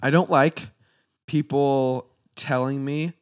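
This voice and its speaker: A young man co-hosting a podcast, rambling through an animated rant in casual chat. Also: mid-range voice, takes it slowly, smooth. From Pacific Northwest. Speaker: podcast co-host.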